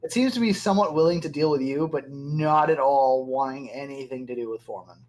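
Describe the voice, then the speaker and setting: A man's voice: medium pitch, a little fast, a little mellow. A man narrating as game master in a tabletop game, hesitant and searching for words, with casual swearing. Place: home room with other players.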